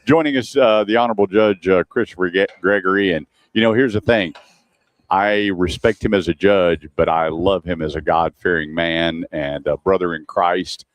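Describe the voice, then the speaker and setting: A man, his voice low-pitched, hosts a casual radio show recorded outdoors. He talks chattily and tells anecdotes with plenty of laughter. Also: normal speed, dry recording. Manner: chatty storyteller, laughs often. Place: outdoors at a shooting range.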